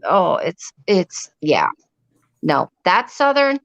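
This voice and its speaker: Low-voiced woman chatting casually, dull sound. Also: wildly swooping pitch, slow pace, creaky. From Upper Peninsula of Michigan. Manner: rambling, swears casually. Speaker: livestream host. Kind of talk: casual chat.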